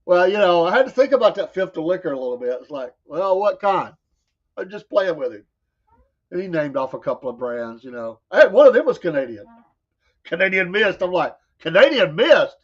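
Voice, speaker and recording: Southern male talk host, higher voice, emphatic and combative, dull lo-fi audio. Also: big pitch swings, fairly quick. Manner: emphatic, combative, laughs at his own jokes. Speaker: morning show host. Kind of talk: opinionated talk show monologue.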